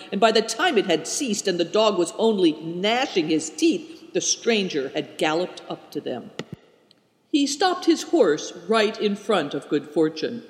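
A man narrating a storybook in a steady storytelling manner, in a roomy recording. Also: high voice. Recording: roomy hall reverb.

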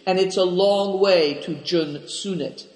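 A man reading the part of a weary male pilgrim who speaks quietly and guardedly. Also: high-pitched, unhurried, reverberant, big-room sound, poor audio. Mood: cautious.

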